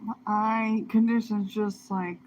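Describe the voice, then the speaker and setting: A woman's voice: medium pitch, flat delivery, takes it slowly, darkish tone, lo-fi sound, a little hiss or hum. A woman in a casual vlog who swears a lot, breaks into laughing fits and mock wailing, and sounds breathless from laughing.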